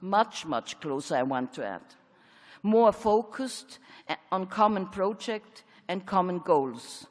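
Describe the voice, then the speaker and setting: A woman with an Austrian German accent delivers a measured, prepared convention address at a mid pitch. Her words ring out with a long hall reverb. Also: lively intonation. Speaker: convention speaker. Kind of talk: formal speech.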